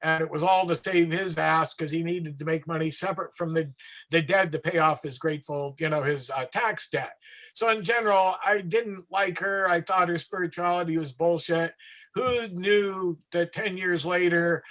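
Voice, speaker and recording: High bright-voiced storytelling performer. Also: male voice, moderate pace. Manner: animated, acts out voices, trails into asides. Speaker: street performer. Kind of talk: anecdotal storytelling in an interview.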